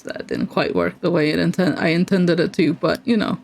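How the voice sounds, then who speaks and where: A woman's voice: fairly low pitch, normal speed, creaky, hardly any pauses, darkish tone. A woman streaming a video game, chatting casually and self-deprecatingly as she plays and laughing often. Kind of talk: casual gameplay commentary.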